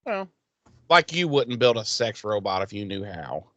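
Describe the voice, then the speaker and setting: A podcast co-host with a voice on the low side recaps a TV episode in casual chat at a moderate pace, swearing freely and animatedly acting out the characters' lines. The recording is dry and muffled.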